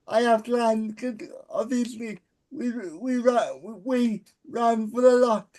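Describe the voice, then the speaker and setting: A man's voice: very high-pitched, slow, darkish tone. A man hosting a podcast in a casual interview chat, who often stammers and repeats his words. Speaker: podcast host.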